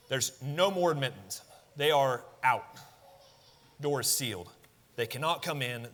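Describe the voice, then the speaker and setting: A man's voice: a little high, sharp tone, long reverb tail. A man preaching a sermon, talking conversationally, asking the congregation questions and building to emphatic peaks. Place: church sanctuary.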